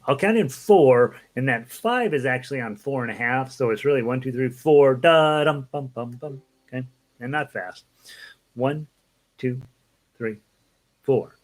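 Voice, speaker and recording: Ukulele playing fills the background as a relaxed, talkative man teaches a casual online lesson. His voice is medium in pitch, and he counts beats aloud while singing along to what he plays.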